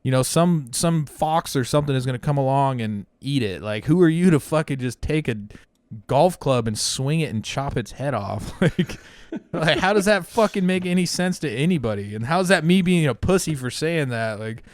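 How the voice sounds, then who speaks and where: A man's voice: on the high side, lively intonation, normal speed, no room sound. A man co-hosting a comedy podcast, telling rambling, profane stories in casual chat and acting out the quotes. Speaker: podcast co-host.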